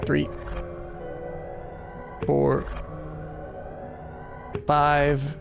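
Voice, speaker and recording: A man's voice: on the high side, monotone, very slow, gravelly, over music. A man hosting a casual let's play, chatting and reading the game's text aloud. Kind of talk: casual gameplay commentary.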